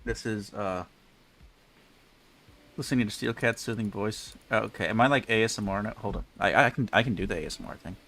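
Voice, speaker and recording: A man's voice: on the low side, brisk, fairly bright tone, slight background noise. A man casually rambling through live gameplay commentary, chatty and self-mocking, speaking into a desk mic with a pop filter. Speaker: game streamer.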